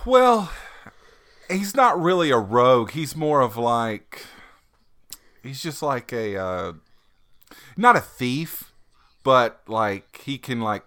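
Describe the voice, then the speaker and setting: A man's voice: mid-range voice, sing-song, slow pace, pauses often, bright, forceful tone. A man with an ordinary mid-range voice co-hosts a podcast in casual chat. He tells his stories in a loose, rambling way and laughs often as he talks. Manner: rambling storyteller, laughs a lot. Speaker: podcast co-host.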